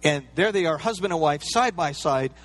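Delivering his sermon at a moderate speed, this pastor has a somewhat high male voice. He keeps things casual and chatty, tossing in playful side comments and ordinary fillers.

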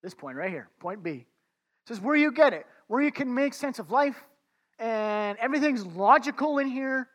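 A man's voice: very high voice, expressive, moderate pace, fairly bright tone. A man preaching a conversational sermon, talking informally to his listeners as friends and often restarting his words.

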